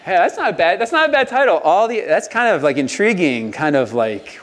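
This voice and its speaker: A man with a high-pitched, smooth, resonant voice preaches a storytelling sermon. He is animated, acting out shouted quotes and drawing the listeners in with questions. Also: moderate pace, few pauses. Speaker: conference speaker.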